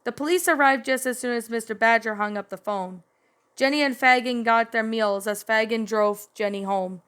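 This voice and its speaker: A woman's voice: a little high, normal speed, a bit bright, smooth. A woman reading a fan story aloud in a casual way with a few slips, adding her own comments. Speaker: story narrator and reviewer. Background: background music.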